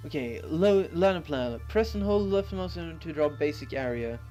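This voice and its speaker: A young man with a slightly high voice rambles through a game tutorial, full of ums and self-mocking asides. Faint game music plays beneath his desktop-mic commentary. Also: expressive, moderate pace, warm tone, lo-fi sound. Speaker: gaming channel host. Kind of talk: casual let's-play commentary, reading on-screen text aloud.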